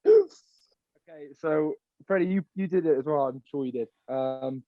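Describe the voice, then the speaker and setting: A man, a rugby player guest, telling a story in a relaxed, rambling way with many ums. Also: a little high, measured pace, dry recording. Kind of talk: casual storytelling. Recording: muffled lo-fi audio.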